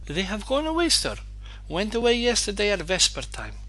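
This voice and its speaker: A man voicing a brisk, scolding old woman housekeeper in a storybook reading, pushing his voice high and sharp. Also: very animated, vocal fry, exaggerated voice.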